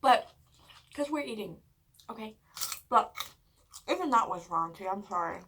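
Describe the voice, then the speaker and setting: Woman mukbang vlogger, unhurried and bright, chatty storytelling with frequent swearing and sudden whispers. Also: a little high, expressive, a little hiss or hum. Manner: chatty, swears often, fills speech with "like"; drops into hushed whispers for dramatic moments. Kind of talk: casual storytelling while eating.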